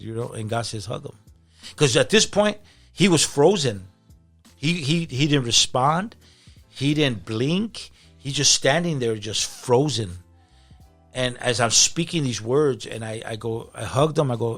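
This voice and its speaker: Creaky-voiced man telling a story. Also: medium pitch, measured pace, long pauses, faint music behind. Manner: animated, slangy storyteller. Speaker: pastor and podcast guest. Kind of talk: casual storytelling interview.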